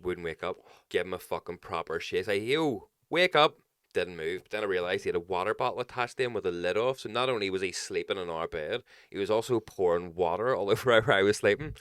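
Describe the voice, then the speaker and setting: Brief: young man, low smooth voice, sweary animated storyteller, dry close mic. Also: fast, hardly any pauses, no room sound. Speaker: podcast co-host. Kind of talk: casual chat.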